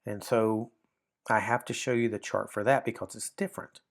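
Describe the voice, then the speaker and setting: A man's voice: fairly low pitch, fairly even intonation, normal speed, vocal fry. A man teaching a Bible Greek lesson, explaining step by step with frequent ums and reading aloud from a textbook. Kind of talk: walking through a textbook lesson.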